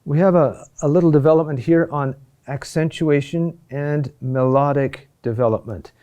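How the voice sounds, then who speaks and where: A man teaching a class on Gregorian chant, speaking in a halting way with many pauses and restarts. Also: on the high side, mellow. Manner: slow, halting delivery with many fillers and restarts. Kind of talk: classroom lecture.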